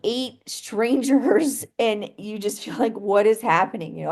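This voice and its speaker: A woman's voice: medium pitch, a little mellow. A young adult woman telling a painful personal story in an interview, rambling and full of "like" and "you know" as she restarts her sentences.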